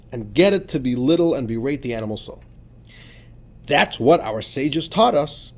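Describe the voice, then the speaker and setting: A man, a rabbi, teaching a religious text in an emphatic lesson, moving between quiet asides and fervent, urgent outbursts. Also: medium pitch, lively intonation, normal speed.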